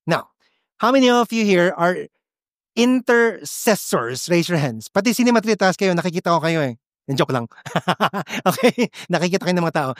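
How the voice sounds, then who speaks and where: A man, preaching a sermon at a church service in a lively way that mixes English and Tagalog. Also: high voice, dry recording, studio quality. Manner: animated, switching between English and Tagalog, laughs often. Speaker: pastor.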